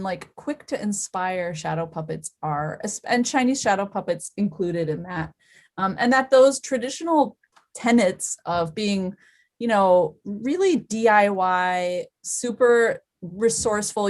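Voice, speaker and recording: A woman leading an online puppetry workshop over a video call, bubbly and encouraging, chatting easily with her students. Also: medium pitch. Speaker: workshop instructor.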